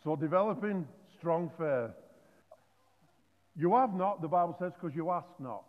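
A man preaches a lively sermon, joking and stumbling over his words as he goes. His voice sits a little high and sounds thin and phone-like. A long hall reverb trails after every phrase. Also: unhurried. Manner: animated and joking, with many restarts. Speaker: pastor.

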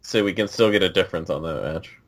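Man, casual co-host chat, fairly low voice, dry, understated, teasing. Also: fast. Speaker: podcast co-host. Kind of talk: casual chat about wrestling.

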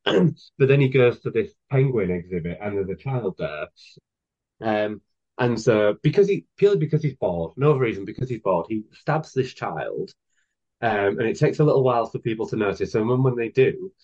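Dull lo-fi audio captures a fairly low-pitched, darkish-toned man in his thirties who is guesting on a podcast as an author. His chat is casual and enthusiastic, wandering along with many fillers.

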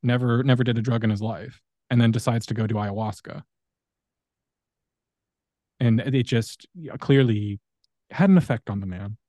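A man's voice: medium pitch, darkish tone, no echo, clean studio sound. A man hosting a podcast, telling long stories in a rambling, casual way with many fillers. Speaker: podcast host.

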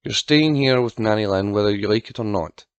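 A man voicing a shrill, selfish mother who barks orders and scolds. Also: brisk, clear, resonant tone, dry recording, lo-fi sound, natural voice. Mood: scolding.

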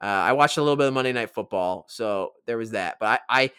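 A man's voice: mid-range voice, quick pace, sharp tone, clear, resonant tone. A man hosting a casual podcast, telling stories in a playful, hyped way. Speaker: podcast host.

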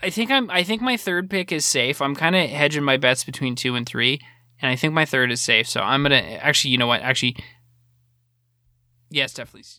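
A man in casual podcast chat, excitable and jokey, swearing freely. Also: medium pitch, brisk, dry recording, studio quality.

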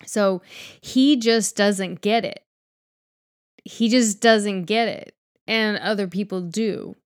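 A woman co-hosts a podcast, speaking at a medium pitch and taking her time. The chat is casual and frank, full of rambling, filler words, and free swearing.

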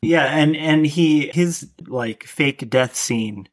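A man co-hosting a podcast with a somewhat high voice. He talks casually and deliberately, restarting sentences as he thinks. His points build slowly. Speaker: podcast co-host. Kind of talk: casual film discussion.

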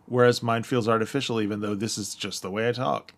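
Talking fast in a steady, lowish voice, this American podcast co-host keeps things casual. He still hesitates plenty, with many fillers and regular laughs.

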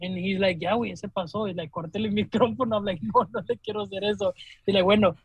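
Young dude w/ a high raspy voice, swearing, animated story, dry close sound. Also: male voice, rapid-fire, dry recording, low-quality recording. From Laredo, Texas. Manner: animated, swears a lot, laughs while telling stories. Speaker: DJ and podcast co-host. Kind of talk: casual storytelling chat.

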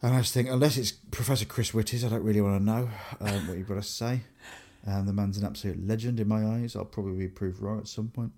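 A young English man, co-hosting a podcast, telling animated stories in casual chat with many restarts. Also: fairly low pitch, fast talker. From England. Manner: animated storyteller, lots of fillers and restarts. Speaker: podcast co-host.

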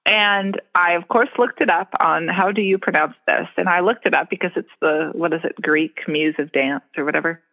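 A woman's voice: fairly low pitch, normal speed, few pauses, pushed and bright. Chatty woman on a tinny line. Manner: chatty storyteller, laughs often. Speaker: podcast co-host. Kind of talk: casual chat.

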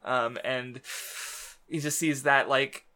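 A man's voice: medium pitch, steady tone, slow pace, pushed and bright, clean tone. A man in casual podcast chat about a manga, rambling with lots of fillers, laughing often and swearing now and then. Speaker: podcast co-host.

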